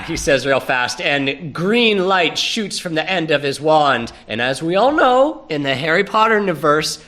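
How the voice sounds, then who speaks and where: Playful, bright-voiced male comedy host. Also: fairly high pitch, big pitch swings, moderate pace, hardly any pauses. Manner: playful, theatrical, often laughing. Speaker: podcast host. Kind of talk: improvised comedic narration. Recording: podcast recorded live.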